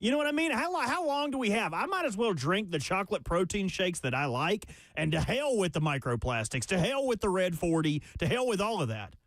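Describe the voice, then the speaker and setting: A woman co-hosting a radio show, animated and exasperated, sometimes stammering as she searches for words. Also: mid-range voice, fairly quick, hardly any pauses, no echo, clean studio sound. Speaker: radio co-host. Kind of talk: casual radio banter. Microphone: studio microphone.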